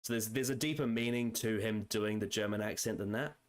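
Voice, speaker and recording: Podcast co-host: man with a lowish voice, casual, analytical, rambling with restarts. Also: fairly quick. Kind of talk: casual chat.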